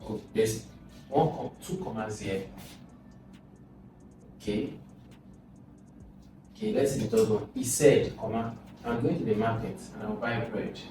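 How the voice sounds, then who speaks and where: Male Nigerian tutor, unhurried, repeats sounds aloud; very echoey room. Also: on the low side. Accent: Nigerian English. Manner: slow, thinks aloud, repeats sounds over and over. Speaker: exam prep tutor. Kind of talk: informal exam lesson. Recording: echoey room, far from mic, music behind.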